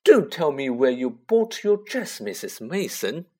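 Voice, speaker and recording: A man voicing a fussy, prim middle-aged housewife in a gushing falsetto for a storybook reading. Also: very animated, unhurried, a little mellow. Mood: simpering.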